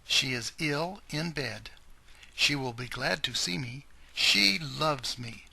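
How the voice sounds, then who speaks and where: A man voicing a polite, dutiful little girl in a storybook, speaking higher than his own voice. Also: expressive, slow, vocal fry, pushed and bright, slightly rough, exaggerated voice. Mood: earnest.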